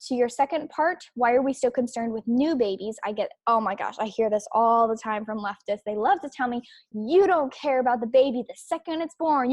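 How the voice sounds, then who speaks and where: A woman's voice: fairly high pitch, a little mellow, dry recording. A young adult woman hosting an opinion podcast, talking emphatically and repeating herself, with frequent restarts and fillers. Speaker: podcast host.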